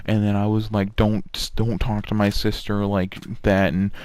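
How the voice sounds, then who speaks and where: A man's voice: on the low side, monotone, unhurried, darkish tone, clear, resonant tone, natural voice. A man voicing a teenage boy bully pleading with a sob story. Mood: whining.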